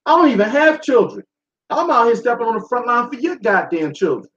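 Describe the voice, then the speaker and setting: A man's voice: very high-pitched, sing-song, a little fast, fairly bright tone. A man hosting a talk show, delivering a blunt, profane, preachy monologue to his listeners. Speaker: show host. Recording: echoey room, dull sound.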